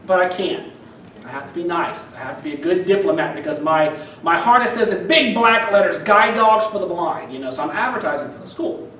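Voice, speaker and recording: A man's voice: high-pitched, expressive, fairly quick, a bit bright, a little hiss or hum. A man telling stand-up stories in a wry, self-deprecating way, with many fillers and restarts. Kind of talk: stand-up storytelling. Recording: roomy sound from a distance.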